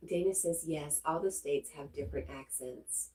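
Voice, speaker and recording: A woman with a low, warm voice hosts a laid-back livestream. She greets viewers by name and reads their comments aloud, talking in a relaxed, friendly way. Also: moderate pace, soft background music, rough recording. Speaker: livestream host reading chat. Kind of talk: casual livestream chat.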